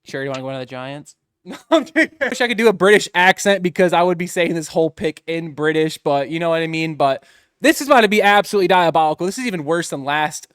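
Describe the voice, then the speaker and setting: Young man, high pitch, dry close sound, upbeat joking sports banter. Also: fast, a bit bright, clean tone, dry recording. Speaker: host. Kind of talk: casual sports picks chat.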